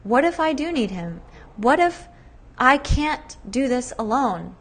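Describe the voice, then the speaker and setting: Slow-paced and high-voiced, this podcast host in her thirties recounts a personal story animatedly, chatting with many fillers.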